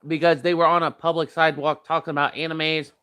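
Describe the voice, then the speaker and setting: A man's voice: a little high, level tone, fast talker, fairly bright tone, clean tone. A young man chatting casually while tasting snacks, rambling with many fillers and talking with his mouth full. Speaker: vlogger.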